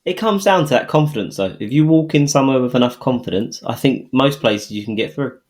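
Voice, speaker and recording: A man co-hosting a podcast, with a lively voice that rises and falls widely. He chats casually and teases playfully. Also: medium pitch, brisk. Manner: playful, teasing. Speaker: podcast co-host. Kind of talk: casual chat.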